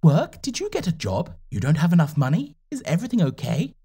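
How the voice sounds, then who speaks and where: A man's voice: a little high, huge pitch swings, fairly quick, dark tone, slightly rough, voice pushed up, exaggerated voice. A man voicing a worried, caring middle-aged mother on the phone who asks anxious, fussy questions. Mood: anxious, fussing.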